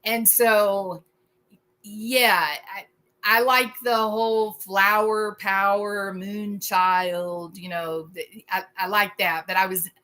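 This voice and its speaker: A woman in her forties hosting a casual livestream, animated and wry, laughing often as she reacts to chat. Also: medium pitch, slow. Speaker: host.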